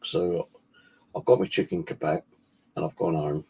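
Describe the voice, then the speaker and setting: A low, husky-voiced man talking loosely to his livestream audience. He rambles from one thing to the next and swears freely. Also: flat delivery, moderate pace, darkish tone. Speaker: paranormal channel host. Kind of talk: casual livestream chat.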